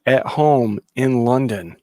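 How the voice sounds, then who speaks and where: A man's voice: mid-range voice, slow, a little mellow, no echo, studio quality. A man co-hosting a casual sports panel podcast, giving blunt opinions and reading out viewer comments. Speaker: podcast co-host.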